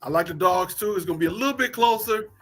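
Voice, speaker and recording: A man's voice: high-pitched, fast talker, fairly bright tone, slightly rough, faint music behind. A man co-hosting a casual sports talk show, loose and repetitive, laughing easily as he talks picks.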